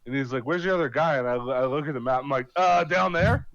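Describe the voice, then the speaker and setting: A man's voice: mid-range voice, racing, over a noisy crowd. Swearing gamer man on dull voice chat. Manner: animated, swearing, acting out his own lines. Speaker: gamer telling a mission story. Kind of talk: casual profane storytelling over voice chat.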